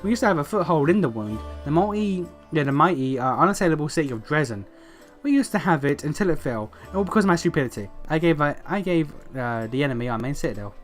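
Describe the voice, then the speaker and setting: A man's voice: fairly high pitch, animated, quick pace, faint music behind, natural voice. A man reading as a weary dwarf knight. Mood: grim. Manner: reading aloud with frequent uh fillers. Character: weary, guilt-ridden old male dwarf knight.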